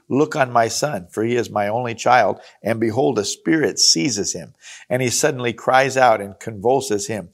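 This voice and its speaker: A man reading scripture aloud and explaining it in an earnest, conversational teaching style. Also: lowish voice. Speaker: Bible teacher.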